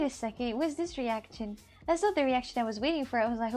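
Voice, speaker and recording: Woman streamer chatting with viewers, kinda high voice, goofy and joking, some music quiet in the back. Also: fast, few pauses. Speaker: live streamer. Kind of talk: casual live-stream chat, answering chat.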